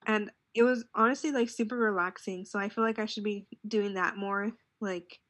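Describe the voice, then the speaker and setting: A woman's voice: mid-range voice, moderate pace, no echo, studio quality. A young woman chatting casually as a podcast co-host, rambling and saying "like" a lot. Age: young adult. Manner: relaxed, rambling, heavy use of "like". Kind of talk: casual chat.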